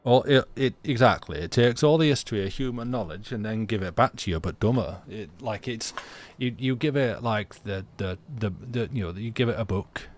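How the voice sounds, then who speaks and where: A man streaming a story game, chatting sarcastically in a halting, rambling way and reading game text aloud. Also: on the low side. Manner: rambling, halting, full of restarts, sarcastic jokes.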